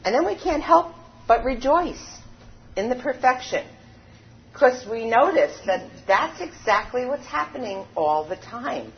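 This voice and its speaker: A woman delivers a sermon at an unhurried pace, her voice swooping up and down as she stresses each point. The recording sounds dull and lo-fi, with the top end rolled off. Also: a little high. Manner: slow, emphatic preaching with lively rises and falls. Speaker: spiritual teacher.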